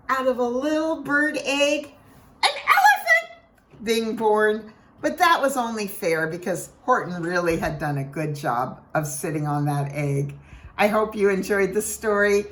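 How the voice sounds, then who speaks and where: A woman reading a rhyming picture book aloud with an expressive, sing-song delivery, then chatting to her listeners. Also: mid-range voice, measured pace. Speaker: storyteller.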